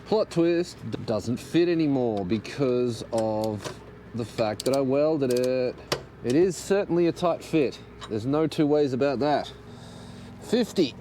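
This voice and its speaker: A car vlogger with a mid-range voice speaks at a measured pace amid background noise. Filming himself under a car in his garage through an external mic on an action camera, he grumbles, swears at the work, and adds self-mocking asides in a casual vlog.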